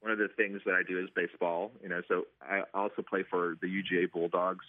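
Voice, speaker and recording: A man's voice: low-pitched, little pitch movement, quick pace, no room sound. A man working as a stadium organist, answering interview questions casually with many ums and restarts. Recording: tinny phone line.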